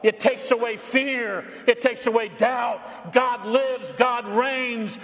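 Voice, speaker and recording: A male pastor preaching a sermon, emphatic, moving between loud proclamation and quiet asides. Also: very high-pitched, fairly even intonation, slow pace, in a large hall.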